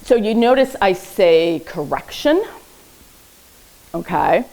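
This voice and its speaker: Speaking slowly in an animated, mid-range voice with a slightly mellow quality, a woman therapist gives an informal parenting presentation in a public library event room. The recording is rough. She chats with the audience, repeatedly asks "okay?", and teaches with a touch of light humor.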